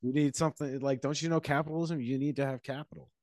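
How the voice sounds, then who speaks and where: A man talks in a loose, rambling podcast chat, wry and quick to laugh, his voice often dropping away at the end of a thought. The sound is close and dry, with no room around it. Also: medium pitch, fairly even intonation, darkish tone, no echo.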